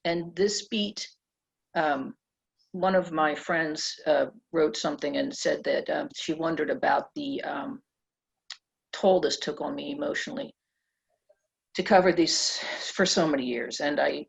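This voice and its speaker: Gravelly-voiced woman telling stories. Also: low voice, a little slow. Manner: animated, laughs often, acts out quoted voices. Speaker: author being interviewed. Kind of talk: conversational storytelling. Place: press club event room. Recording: dull lo-fi event recording.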